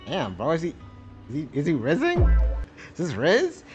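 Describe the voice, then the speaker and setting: A young man chatting casually while streaming a game, joking and laughing along. His pitch sits a bit high and bounces all over. Faint guitar music plays behind him. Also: huge pitch swings, normal speed, darkish tone. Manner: joking, laughs, says bro a lot. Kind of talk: casual gaming stream commentary.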